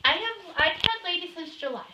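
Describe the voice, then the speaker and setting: A woman talking casually and patiently to a group of children in a home, pausing now and then to give short commands to her dog. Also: very high voice, animated. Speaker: guest speaker with a guide dog. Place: indoors in a home. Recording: roomy, distant home-video sound with faint noise.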